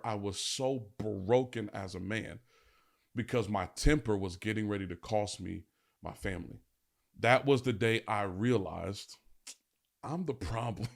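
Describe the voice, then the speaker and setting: A man's voice: lowish voice, creaky. A man hosting a podcast, telling a personal story in a candid, emphatic way with casual slang, on a podcast set. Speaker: podcast host.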